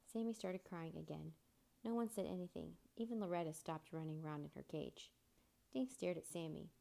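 A woman narrating a children's chapter book aloud at a steady pace. Her voice sits low and has a gravelly edge. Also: moderate pace.

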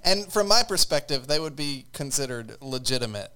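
A man's voice: medium pitch, lively intonation, moderate pace, sharp tone, clear, resonant tone, low-quality recording. A man hosting a casual podcast interview, laid-back as he asks probing questions. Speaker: podcast host.

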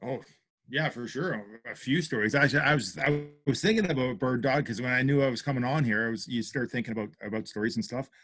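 Here the ex-hockey player, a podcast guest, speaks at medium pitch and a quick pace with no echo. He's an animated storyteller in casual conversation, performing quotes and using lots of fillers.

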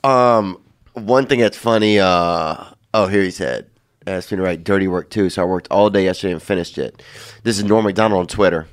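A laid-back man hosting a casual podcast, mostly giving short replies and laughing along. His voice is low and sounds dry and close to the mic. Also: brisk, no room sound. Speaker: podcast host. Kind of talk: casual chat.

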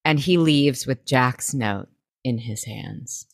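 Low-voiced young woman recapping a show. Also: slow, vocal fry, no room sound, clean studio sound. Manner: dramatic retelling, blunt and swearing. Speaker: podcast co-host. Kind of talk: casual recap chat.

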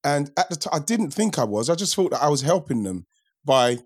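A man's voice: on the high side, very animated, fairly quick. A man chatting on a podcast, telling sports stories in a reflective way and often repeating words as he goes. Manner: reflective, repeats himself while storytelling. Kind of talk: casual chat.

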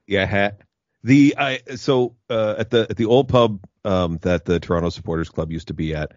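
Very deep-voiced man telling a rambling story. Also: moderate pace, no echo, muffled recording. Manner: rambling, lots of fillers and backchannels. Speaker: podcast co-host. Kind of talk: casual chat.

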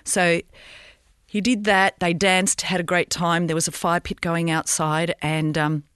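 A middle-aged woman, a mother, recounting a painful memory in an interview, halting and emotional, often restarting her sentences. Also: fairly low pitch, level tone, fairly bright tone, smooth, dry recording, clean studio sound. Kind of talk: personal storytelling in an interview.

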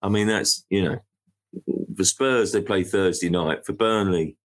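A man hosting a casual football chat, relaxed and chatty. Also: deep voice, unhurried. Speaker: show host.

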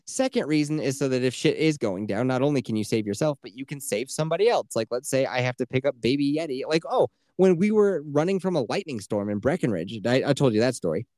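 A man co-hosting a casual podcast, telling long rambling stories with plenty of swearing and laughter at his own jokes. His voice sits at an ordinary middle pitch. It is recorded close and dry, with no room sound. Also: animated, fast talker, few pauses, a little mellow, no echo. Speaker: podcast co-host.

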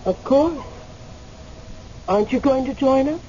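An actress playing the spirit of a dead woman who waits in limbo, speaking in a gently teasing, unhurried way in a radio drama. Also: high-pitched, animated. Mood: calm, teasing. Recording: muffled radio recording, faint hiss.

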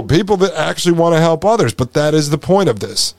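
Man, higher pitch, podcast host, emphatic commentary over a video, repetitive, sarcastic, dry close sound. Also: sing-song, brisk, dry recording. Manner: emphatic, repeats phrases, sarcastic asides.

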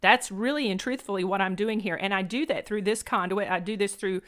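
A middle-aged woman speaks earnestly as a podcast host, giving a motivational monologue. She repeats phrases for emphasis, and her voice sits at a mid pitch. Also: fairly quick, a bit bright.

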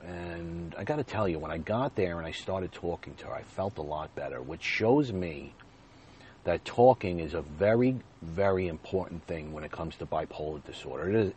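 A man hosting his own podcast, retelling a personal story in a monologue that swings between loud bursts and quiet asides. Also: low-pitched, slight background noise.

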